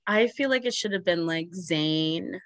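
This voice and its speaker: A woman's voice: lowish voice, expressive, unhurried, fairly bright tone, no echo. Young woman, podcast host, casual chat, giggly, dry close mic. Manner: chatty, giggly, lots of fillers.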